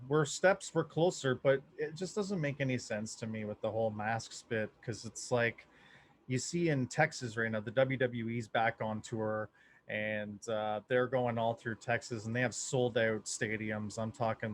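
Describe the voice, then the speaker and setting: Canadian guy cohosting a podcast, mid pitch voice, lots of ums, sounds fed up. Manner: frustrated, hesitant with many fillers. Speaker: podcast co-host. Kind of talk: casual chat.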